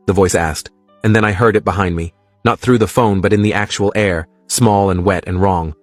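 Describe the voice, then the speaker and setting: A man narrating a first-person horror story in a steady, scripted reading style. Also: low voice, moderate pace, no room sound, faint music behind.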